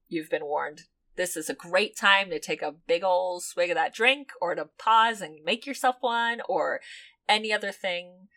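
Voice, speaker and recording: A woman's voice: fairly low pitch, fairly bright tone. A woman co-hosting a true crime podcast, reading a disturbing transcript in a level, grave tone and chatting bluntly with some swearing. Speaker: podcast co-host.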